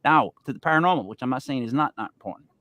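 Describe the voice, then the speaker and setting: A man's voice: mid-range voice, lively intonation, racing, bright, forceful tone. A man hosting a casual podcast chat, talking emphatically and repeating words as he makes his point. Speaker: host.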